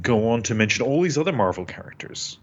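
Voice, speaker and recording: A man co-hosting a podcast in casual chat, enthusiastic and quick to laugh. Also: mid-range voice, lo-fi sound. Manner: enthusiastic, laughs often, animated when quoting. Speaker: podcast co-host.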